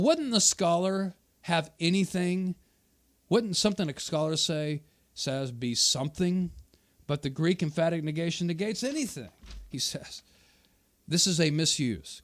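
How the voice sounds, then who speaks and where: Commenting combatively on a debate video, the man running this channel rebuts quoted remarks from his opponent and repeats his points to hammer them in. His voice is fairly high and animated, at a normal pace.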